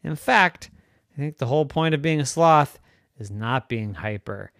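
A puzzled, patient pet store clerk in a bedtime story, chatty and doubtful as he lists the pets on offer, put on by a man. The voice is lively in pitch, and the room sounds dry. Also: moderate pace, vocal fry, no echo. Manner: doubtful, chatty salesman questions.

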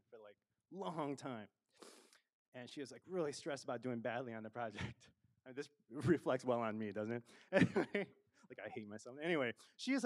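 A middle-aged man preaching a sermon as a pastor, conversational and self-deprecating, with frequent fillers and laughs. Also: mid-range voice.

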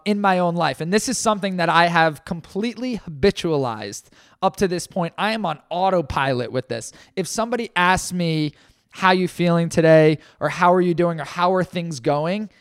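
A man's voice: high-pitched, no room sound, clean studio sound. A man co-hosting a podcast, talking in an earnest, emphatic way and repeating phrases for stress. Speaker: podcast co-host. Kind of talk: casual podcast talk.

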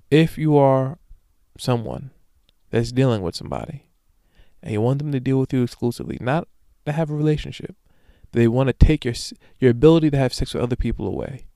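A young man hosts his own podcast, talking off the cuff in heavy slang and swearing freely. His voice is smooth and resonant, at a middling pitch. It is recorded close and dry, with no room sound. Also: mellow, no room sound. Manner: slangy, profane, rambling storytelling with repeated "you know what I'm saying". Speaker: podcast host. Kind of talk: casual solo podcast monologue.

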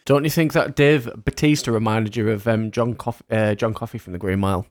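Man, gravelly low voice, laid-back casual podcast chat. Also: fairly even intonation, fairly quick. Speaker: podcast co-host. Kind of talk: casual film review chat.

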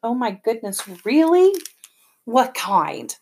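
A woman doing a gentle, reassuring mother. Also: mid-range voice, moderate pace, close to an everyday voice. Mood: excited. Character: gentle caring mother of a young boy.

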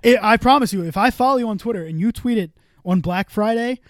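A man's voice: high-pitched, fast, no room sound, studio quality. A young man co-hosting a podcast, telling rambling, profane stories in casual chat and laughing often. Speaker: podcast co-host.

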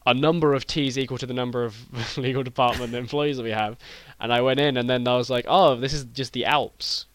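Fast-talking British man, deadpan rambling. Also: medium pitch, smooth, no room sound. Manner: rambling, filler-heavy, deadpan. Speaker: podcast co-host. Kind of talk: improvised comic storytelling.

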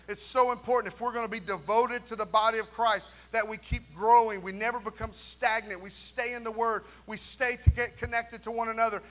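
Pastor, male. High, bright voice, animated preaching with quips and asides. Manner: animated preaching with jokes and call-and-response asides. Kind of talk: sermon. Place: church sanctuary.

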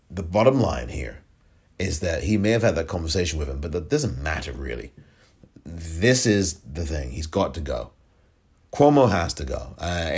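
A man with a very low, husky voice delivers indignant political commentary as a podcast host. His pitch swings widely as he hammers each point home with repetition. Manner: emphatic, indignant, repeats points for force.

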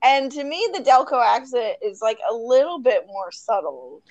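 A woman's voice: fairly high pitch, moderate pace, rough recording. A woman from the Philadelphia area, co-hosting a podcast in casual, filler-heavy chat. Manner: lively, filler-heavy talk with lots of "like". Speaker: podcast co-host.

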